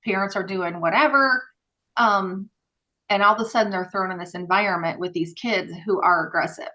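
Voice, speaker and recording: A woman on a podcast recounting her work in casual, animated storytelling. Her voice is bright and forward, and she slips into quoted dialogue often, padding her talk with "um" and "like.". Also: medium pitch, normal speed, lo-fi sound. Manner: animated, many fillers, acts out quoted dialogue. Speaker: podcast guest, former group home worker.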